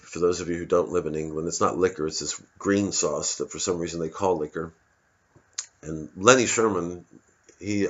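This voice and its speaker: Male comedian, low voice, rambling storyteller, muffled lo-fi sound. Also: fairly bright tone. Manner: rambling, with frequent restarts. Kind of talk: rambling comic monologue. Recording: dull lo-fi recording.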